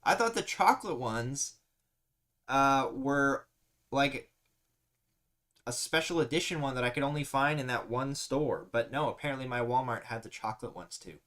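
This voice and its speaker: A man's voice: medium pitch, expressive, moderate pace, fairly bright tone. A man hosting a casual live stream, chatting easily and reading viewer comments aloud with frequent laughs. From Canada.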